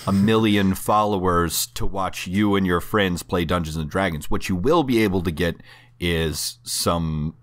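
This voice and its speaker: Man, deep low voice, podcast co-host, casual chat, joking, conversational. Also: a little slow.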